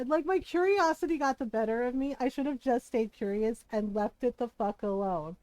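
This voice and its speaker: High-voiced giggly woman streaming a game. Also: a little mellow, dry recording, rough recording. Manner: rambling and giggly, full of "like" and "right?". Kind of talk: casual gameplay commentary.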